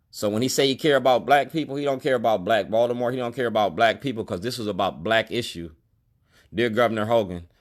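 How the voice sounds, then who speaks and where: A middle-aged store owner speaking straight to the camera in a protest monologue, colloquial and emphatic, repeating his key lines. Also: lowish voice. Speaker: store owner and activist vlogger.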